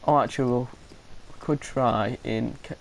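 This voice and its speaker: A man's voice: medium pitch, fairly even intonation, normal speed, creaky, a little hiss or hum, low-quality recording. A man, thinking aloud as he commentates his gameplay, hesitant and full of restarts, with an occasional cough. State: coughing now and then. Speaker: gaming commentator.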